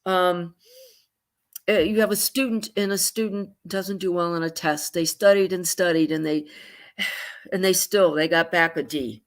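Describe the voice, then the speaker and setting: Woman therapist, lower register, lively explainer who performs her examples, video-call audio. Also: unhurried. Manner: animated, acts out clients' inner voices with sighs. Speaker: psychotherapist. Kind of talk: conversational explanation with acted-out examples.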